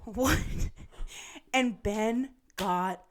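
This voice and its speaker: A young woman co-hosting a chat podcast, retelling reality TV drama in a gossipy, animated way with lots of "like" and swearing. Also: on the high side, extremely slow. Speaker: podcast co-host. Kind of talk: casual chat.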